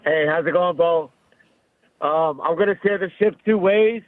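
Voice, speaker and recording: A man's voice: on the high side, normal speed. A man from Maryland calling a sports radio show, casual and hesitant, with fillers as he makes bold predictions. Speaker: caller. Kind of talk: phone-in caller. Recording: tinny dry phone line.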